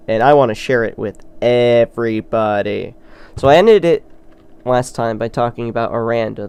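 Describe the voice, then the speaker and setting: A man chats loosely while he plays, jumping between excitement and self-mocking asides. His voice is smooth and clear, with a middling pitch. He sounds like a casual gaming host talking to his viewers. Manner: rambling and excitable, self-deprecating. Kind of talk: let's play commentary.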